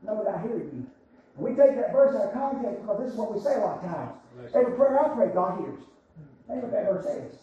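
A man preaching a sermon, swinging between shouted cries and hushed, low passages. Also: sing-song, fast. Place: church sanctuary. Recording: echoey church sound from far off, dull.

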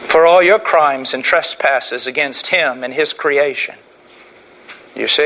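A man preaching an impassioned sermon, swinging from loud declarations to hushed, slow warnings. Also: sits high. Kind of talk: fiery sermon.

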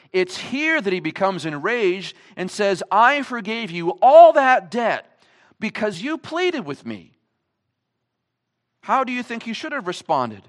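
Man preaching a sermon, high voice, animated swings in pitch, emphatic, rhetorical questions. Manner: emphatic, asks the congregation many rhetorical questions. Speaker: pastor. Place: church service.

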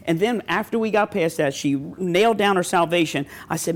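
High-voiced folksy preacher man. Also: fairly quick, few pauses. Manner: folksy storytelling preacher, quotes scripture, stammers on restarts. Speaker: pastor. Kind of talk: sermon.

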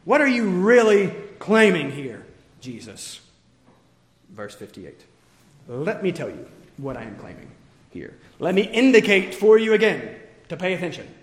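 A man preaching an expository sermon with emphatic points that swing from forceful to quiet. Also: high-pitched, sing-song, unhurried, long pauses. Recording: echoey hall with long reverb.

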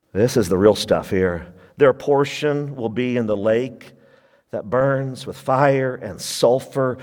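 A man preaching a sermon, animated and full of questions to the congregation, with sudden drops into low, quiet warnings. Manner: animated, swings between loud emphasis and quiet low warnings; asks the congregation questions and answers them. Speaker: pastor. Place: church sanctuary. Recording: long reverb of a church hall.

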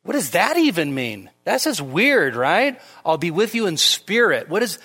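A man's voice: sing-song, moderate pace, bright, forceful tone, husky, big-room sound. A man preaching a midweek sermon in a conversational way, with many fillers and "right?" checks, who lifts his voice when he quotes scripture. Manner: rises sharply in pitch and volume when quoting scripture. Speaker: pastor. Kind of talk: expository sermon. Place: church sanctuary.

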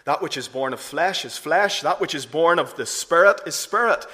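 A man preaching a sermon earnestly, rising to emphatic peaks and then dropping low and soft. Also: animated, normal speed, few pauses. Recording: long hall reverb.

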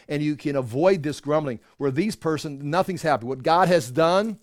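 A man's voice: a little high, moderate pace, few pauses, no echo, clean studio sound. Chatty man teaching a Bible study. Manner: conversational, with frequent restarts and chuckles. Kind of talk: informal Bible teaching to a small group.

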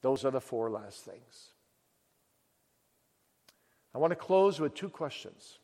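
A male preacher giving a sermon with emphatic questions and dramatic pauses. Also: medium pitch, animated, darkish tone. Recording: long echo of a large hall.

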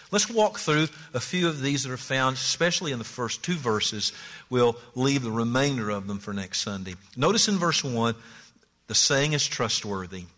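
A male pastor preaching a sermon, animated, rising and dropping his voice and acting out the people he quotes. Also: medium pitch. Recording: long hall reverb.

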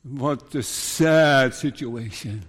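Slow, earnest preacher man in echoing hall. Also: medium pitch, husky. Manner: earnest, measured Bible storytelling with pleading appeals. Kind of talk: sermon. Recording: long reverb of a large hall.

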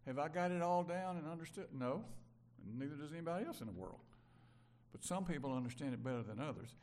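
Older man, pastor, conversational sermon, slightly high voice, loud points and soft asides. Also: expressive, fast talker. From Mississippi, USA. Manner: conversational preaching, swings between loud emphasis and quiet asides.

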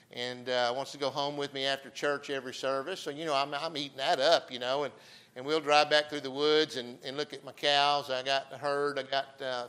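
Bright-voiced folksy older preacher. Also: male voice, mid-range voice, poor audio. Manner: folksy, chatty, frequent amens. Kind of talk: sermon with folksy storytelling.

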